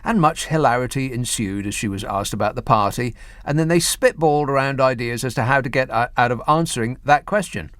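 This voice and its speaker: A man's voice: mid-range voice, brisk, fairly bright tone, no echo, clean studio sound. A man hosting a radio phone-in, delivering mocking political commentary. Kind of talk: talk radio monologue and phone-in. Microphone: studio microphone.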